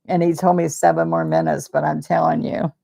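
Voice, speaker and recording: A woman's voice: deep voice, level tone, normal speed, vocal fry, mellow. A woman teaching a live painting demonstration, chatty and rambling, openly emotional and talking about faith. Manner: speaks of faith and blessings.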